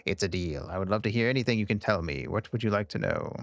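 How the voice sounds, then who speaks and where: A man voicing a calm, courteous male scholar who speaks in a measured, lecturing way. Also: lowish voice, no room sound, faint music behind.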